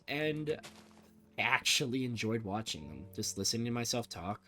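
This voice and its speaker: A young man chatting casually while playing a building game, rambling in a low-key monotone with sudden excited bursts. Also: moderate pace, faint music behind. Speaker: gaming vlogger.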